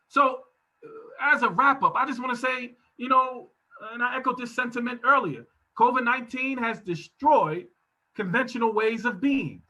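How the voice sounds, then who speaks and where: A man speaks in a high, bright voice with a husky, breathy edge. He delivers a motivational talk in a preacherly style, hammering key words and climbing to near-shouts. He is speaking over a video call from a home office. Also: normal speed, poor audio. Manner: preacherly, emphatic, rising to shouts. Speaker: guest speaker.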